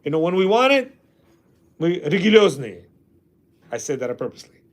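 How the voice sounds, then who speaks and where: A man teaches a class of men in an informal, emphatic way. He throws out rhetorical questions and acts out the voices he quotes. His voice sits high and moves through a very wide, lively range. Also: fast. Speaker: rabbi teaching a men's class. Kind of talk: informal religious class talk.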